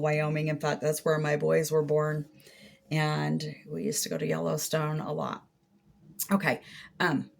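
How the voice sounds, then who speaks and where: A middle-aged woman talks through a casual crochet-channel Q&A in an unhurried, chatty way. Her voice sits low and carries a steady vocal fry. She muses and thinks aloud as she goes. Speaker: crochet vlogger. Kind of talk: casual Q&A vlog.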